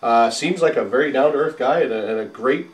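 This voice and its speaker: A man hosting a casual sports talk show who talks quickly and conversationally while steering the topics. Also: mid-range voice. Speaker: podcast host. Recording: roomy, distant mic.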